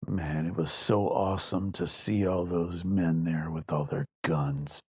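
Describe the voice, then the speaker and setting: A man's voice: sits low, fairly even intonation, measured pace, a little mellow, breathy edge, dry recording, clean studio sound. A man hosting a casual livestream, rambling and reading out viewer comments. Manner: rambling, conversational, drops into mock voices. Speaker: livestream host.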